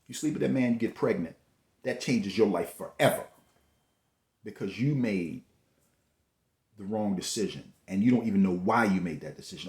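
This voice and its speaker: A man with a somewhat low voice delivers a motivational talk to the camera. He preaches in a repetitive way, stacking rhetorical questions one on another. The room around him rings with noticeable echo. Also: normal speed, creaky, a little mellow. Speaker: host. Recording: echoey room.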